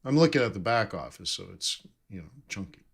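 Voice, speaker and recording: A man's voice: lowish voice, very animated, fairly quick, creaky. A man giving live trading commentary, thinking aloud and correcting himself as he reads numbers off charts. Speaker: forex trading streamer.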